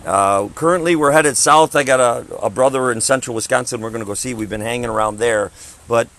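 A man's voice: mid-range voice, a little fast, fairly bright tone, low-quality recording. A man in his fifties, a traveling evangelist, preaching emphatically in conversation and repeating his phrases. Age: 50s.

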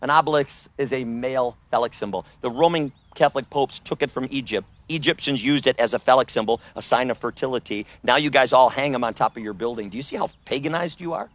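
A man preaching on the street, rebuking and arguing with a listener, his voice swinging between loud accusations and low, hushed asides. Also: fast, hardly any pauses, dry recording.

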